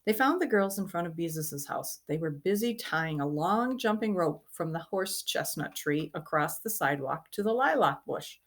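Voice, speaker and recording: A woman reading a children's chapter book aloud, with a gentle manner and lively character voices. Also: on the low side, normal speed, hardly any pauses. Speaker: reader. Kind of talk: storybook read-aloud.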